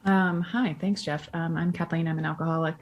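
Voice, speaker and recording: A woman's voice: low voice, fairly even intonation, a little fast, highs cut off. Candid woman sharing at a recovery meeting. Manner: candid, self-deprecating storytelling. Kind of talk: personal share at an online recovery meeting.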